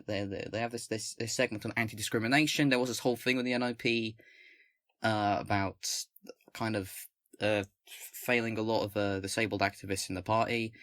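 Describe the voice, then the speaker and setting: Male host from England, casual political commentator, halting and rambly delivery, close mic with no room sound. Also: fairly low pitch, a bit bright, no room sound. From England, not the North. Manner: rambling, halting, many fillers and restarts. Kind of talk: casual commentary with manifesto reading. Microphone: own microphone, close.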